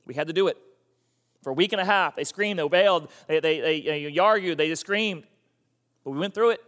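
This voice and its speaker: A man preaching a sermon as a pastor, animated and emphatic, repeating phrases for effect. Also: a little high, fast, in a large hall.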